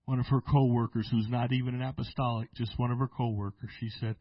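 A man who is a pastor, preaching a sermon and telling stories with restarts, sometimes slowing down and sometimes breaking into shouts. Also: medium pitch, little pitch movement, no room sound, muffled recording. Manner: preaching with sudden shouted bursts and slow drawn-out phrases; storytelling with restarts and repeated words. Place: church sanctuary.

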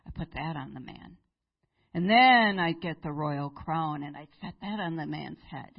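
A woman's voice: deep voice, measured pace, gravelly, lo-fi sound, full character voice. A woman preacher voicing a proud, scheming male royal official in a Bible story. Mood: boastful.

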